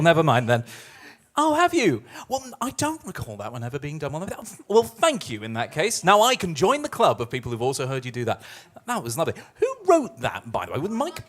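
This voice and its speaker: Scottish guy hosting a club night, bouncy voice, jokey and self-deprecating. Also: a little high. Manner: chatty, self-mocking, animated. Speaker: host. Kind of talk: live cabaret hosting banter. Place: live music club venue.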